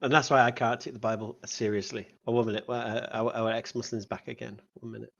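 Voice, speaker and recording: A man hosting a live call-in debate, retelling a story in an animated, mocking way. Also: medium pitch, fast, creaky, muffled recording. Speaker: host.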